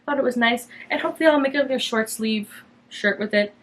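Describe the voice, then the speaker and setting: A woman's voice: a little high, fairly quick. A young woman from Canada hosting a knitting podcast, chatting casually and rambling with lots of fillers. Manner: chatty and rambling, many fillers, bright lifts when quoting herself. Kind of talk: casual chat to camera.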